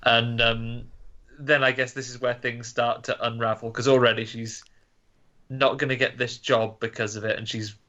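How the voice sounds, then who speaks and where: A man co-hosting a casual film review chat, acting out characters in quick asides. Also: mid-range voice, level tone, bright, forceful tone. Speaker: podcast co-host. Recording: dull lo-fi audio.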